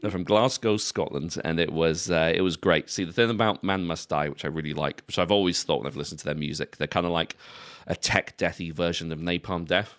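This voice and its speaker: Very deep-voiced laid-back man. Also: fairly even intonation, a little fast, few pauses, a bit bright, clear, resonant tone. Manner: laid-back, swears casually, laughs at own jokes. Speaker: podcast co-host. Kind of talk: casual chat.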